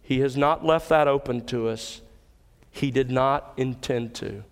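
A man's voice: mid-range voice, a little slow, smooth. A man preaching an expository sermon as pastor, stressing key words with emphasis. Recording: hall with long reverb.

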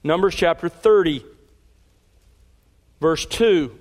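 A man's voice: on the high side, slow, big-room sound. A man preaching an expository sermon, reading scripture aloud and pressing key points with emphatic rises. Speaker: pastor.

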